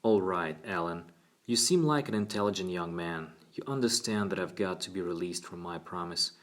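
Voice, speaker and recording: A man's voice: deep voice, moderate pace, lightly acted. A man voicing an earnest, persuasive woman psychologist in an audiobook reading.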